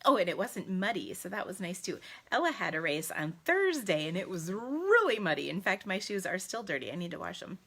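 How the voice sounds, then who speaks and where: Woman, 40s, home crafting live-streamer on a phone camera; bright, chatty, laughs a lot. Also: fairly low pitch, sing-song, brisk, creaky, husky. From United States. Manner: bubbly and chatty, laughing often. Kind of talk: casual live-stream chat. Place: at home indoors. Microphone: phone camera in selfie mode.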